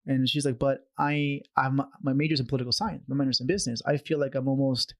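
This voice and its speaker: Fast-talking man telling his story. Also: mid-range voice. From Canada. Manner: animated, acts out quoted voices, many restarts. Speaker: podcast guest. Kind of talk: conversational storytelling.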